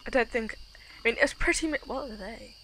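A woman giving chatty, excitable, giggly commentary while she plays a video game. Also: a little high, fairly quick. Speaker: gaming channel host. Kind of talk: let's play commentary.

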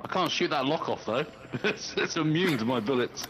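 A man chatting casually while playing a co-op game, joking and quick to shout in panic. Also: on the high side, animated, noisy background. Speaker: co-op gamer. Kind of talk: casual gameplay chat.

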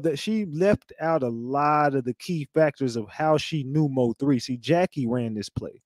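A man's voice: mid-range voice, measured pace, hardly any pauses, a little mellow, dry recording. Rambling man host, dry close sound. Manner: rambling, filler-heavy, casual. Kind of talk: slangy commentary.

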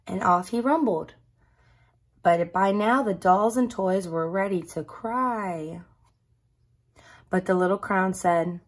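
A woman reads a children's picture book aloud, telling the story in an expressive, animated way. Her pitch is fairly low and her pace slow.

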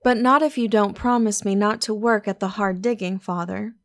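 A woman voicing a bright, playful young woman, an affectionate daughter, with a lively, coaxing manner in an audiobook reading. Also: medium pitch, normal speed, natural voice.

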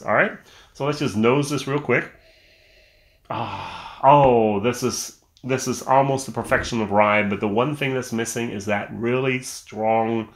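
A man's voice: lowish voice, a bit bright. A man giving a casual, enthusiastic whisky review on camera at home, chatting with frequent restarts and fillers. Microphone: camera mic.

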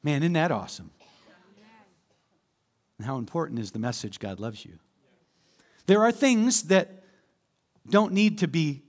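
A man preaching a sermon as pastor, animated and calling on the congregation to respond. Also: on the high side, normal speed, long pauses. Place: church sanctuary.

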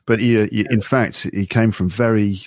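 A man's voice: on the low side, steady tone, moderate pace, darkish tone, no echo, studio quality. A man co-hosting a podcast in casual discussion, curious, asking questions and summing up points. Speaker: podcast co-host.

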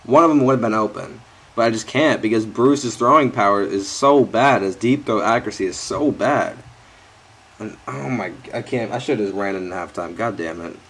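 In live commentary over his own football video game, a young gaming YouTuber swears at his players out of frustration. He talks at normal speed in a lowish, slightly bright voice, close to a headset or desk mic. There's slight background noise.

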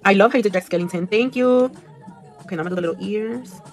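Lady talking to her stream while painting nails, mid pitch, switches to spanish sometimes, some music on. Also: rapid-fire. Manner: chatty, swears casually, mixes in Spanish, reads viewer comments aloud. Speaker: nail artist livestreaming. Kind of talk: casual livestream chat while working. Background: music playing.

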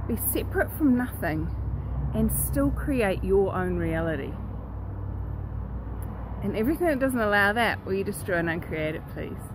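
A woman hosting her own self-help vlog, telling a story in a lively, earnest and direct way. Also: mid-range voice, normal speed, long pauses, background noise. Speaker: host.

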